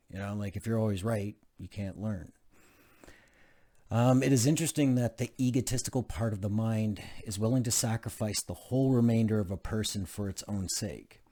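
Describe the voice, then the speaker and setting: A man's voice: fairly low pitch, warm tone. A man reading aloud from a book, with casual asides and frequent fillers. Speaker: channel host reading a self-help book.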